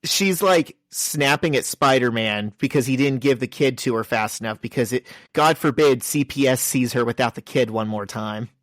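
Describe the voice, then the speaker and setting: Man, podcast co-host, jokey recapper, mid-pitched voice, close dry mic. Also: moderate pace, hardly any pauses, fairly bright tone, dry recording. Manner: joking, summarizes plot and reads out dialogue. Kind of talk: casual comic book discussion.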